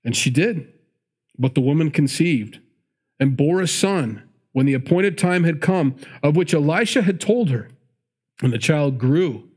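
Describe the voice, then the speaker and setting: A man's voice: a little high, lively intonation, unhurried, a little mellow, breathy edge. A man preaching a sermon, reading scripture aloud and breaking off into chatty asides, correcting himself as he goes. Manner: chatty asides between read verses, self-correcting.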